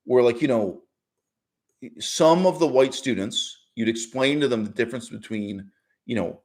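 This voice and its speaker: At a normal pace and with a somewhat dark voice, this channel host argues through a forceful, opinionated monologue. Expect emphatic stresses, sudden rises in pitch and mock quotes, plus restarts, filler words and little laughs as he goes.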